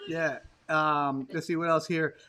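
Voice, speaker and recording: A man hosting a casual podcast chat, telling stories in an animated way and acting out the people he quotes. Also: a little high, measured pace, clear, resonant tone. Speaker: podcast host.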